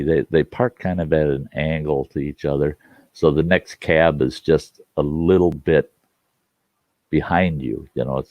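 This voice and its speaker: A man's voice: very deep voice, dark tone, dry recording, muffled recording. A man telling a folksy story in a rambling, casual way, hosting his own show and often restarting his sentences. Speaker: storyteller host.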